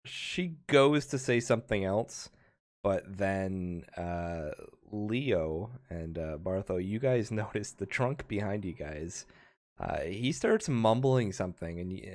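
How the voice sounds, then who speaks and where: A man running a tabletop game as game master, narrating in a halting way, often repeating words and chuckling. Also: on the low side, lively intonation.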